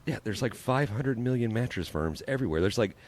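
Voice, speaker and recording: A man co-hosting a podcast, chiming in with joking, quick asides in casual chat. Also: mid-range voice, expressive, darkish tone. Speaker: podcast co-host.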